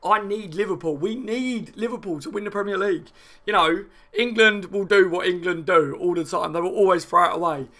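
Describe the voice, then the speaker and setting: A man hosting a football fan channel, chatting fast and excitedly and answering viewer comments with frequent laughs. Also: high-pitched. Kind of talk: live fan chat reacting to viewer comments.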